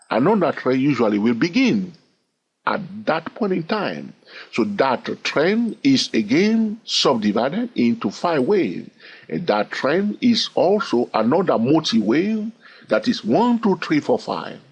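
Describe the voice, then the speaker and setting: This trading instructor speaks in a mid-range, slightly rough voice at an unhurried pace, with big pitch swings and the highs cut off. Walking through a chart lesson, he's repetitive, keeps asking "all right?", and sing-songs the wave numbers as he counts them.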